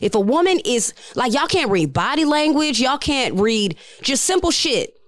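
Brief: woman podcast co-host, blunt, salty storyteller, fairly high voice, dry close mic. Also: big pitch swings, moderate pace, no echo. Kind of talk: casual chat.

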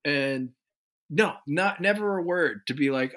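A man guest on an interview podcast, telling stories in a loose, animated way and acting out the people he quotes. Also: on the high side, unhurried. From United States. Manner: animated storyteller who acts out quoted voices. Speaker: guest musician. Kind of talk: casual interview storytelling.

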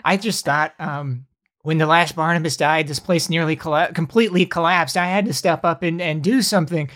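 A man's voice: on the high side, fairly even intonation, a little fast, fairly bright tone, close to an everyday voice. A man voicing a nervous little male gnome who poses as a leader, stammering and flustered. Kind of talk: tabletop game narration.

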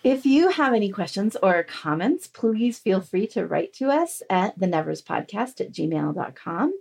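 Gravelly-voiced woman co-hosting a podcast. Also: medium pitch, big pitch swings, measured pace, darkish tone. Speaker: podcast co-host. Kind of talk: casual podcast chat.

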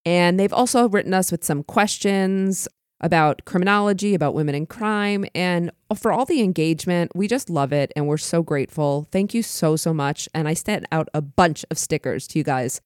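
A woman's voice: on the low side, normal speed, dry recording, clean studio sound. A woman co-hosting a casual podcast and teaching criminology, talking with enthusiasm and gratitude. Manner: enthusiastic, grateful.

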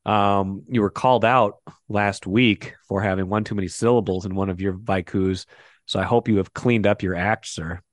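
A man's voice: on the low side, steady tone, moderate pace, no room sound. A man hosting a casual sports podcast, chatty and teasing, often restarting his sentences. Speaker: podcast host.

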